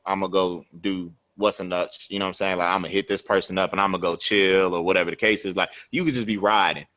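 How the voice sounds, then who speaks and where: A man's voice: sits low, bright, forceful tone. A man in his thirties, a podcast host, telling a personal story in loose, profane chat and tagging his lines with "you know what I'm saying".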